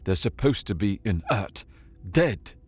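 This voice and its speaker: A man's voice: fairly low pitch, very animated, a little slow, a little mellow, husky, full character voice. A man voicing a tough female scavenger with a rifle, speaking curtly and coolly. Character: tough female armed salvage thief.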